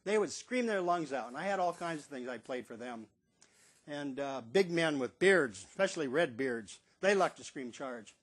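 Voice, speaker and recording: Older guy spinning a folksy yarn, kinda high-pitched, rambles along. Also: animated, normal speed. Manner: folksy, rambling storyteller who acts out others' lines. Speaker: storyteller. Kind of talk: casual spoken anecdote.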